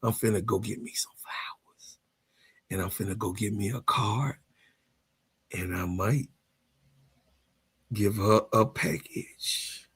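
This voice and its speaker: A man in his fifties vents about the sport to his viewers in a heated, casual rant. His voice is gravelly and a touch husky, with a bright, sharp edge and a somewhat high pitch. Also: slow, long pauses. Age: 50s. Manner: animated, heated, laughing, swearing freely. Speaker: sports vlogger. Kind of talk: casual ranting commentary.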